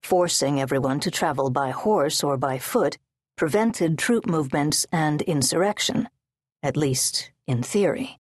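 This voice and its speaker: A woman reading a historical novel aloud in steady, measured scripted narration, close to the mic. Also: low voice, dry recording. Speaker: audiobook narrator. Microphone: close studio mic.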